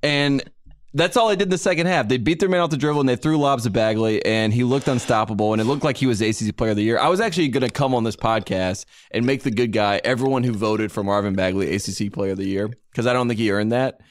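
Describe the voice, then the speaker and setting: A man co-hosting a podcast in a casual sports chat, animated and joking with quick asides. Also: mid-range voice. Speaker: podcast co-host.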